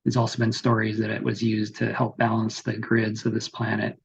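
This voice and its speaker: A man's voice: lowish voice, monotone, normal speed, gravelly, highs cut off. A man teaching a spiritual class in a rambling, thoughtful way, with many fillers. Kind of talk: casual spoken class.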